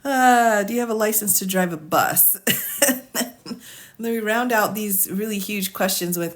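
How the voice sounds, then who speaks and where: A woman attorney hosting a live stream, reading a legal form question by question. She stops to muse aloud between items with easy asides and frequent laughter. Her voice sits at an ordinary pitch, recorded close on a home microphone. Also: expressive, slow, long pauses. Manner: asides, musing and thinking out loud.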